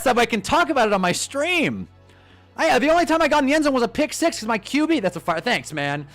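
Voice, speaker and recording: A young man hosting a casual live stream, talking in an animated, swearing rant. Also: very high-pitched, fast, soft background music. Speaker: livestream host. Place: indoors at a green screen.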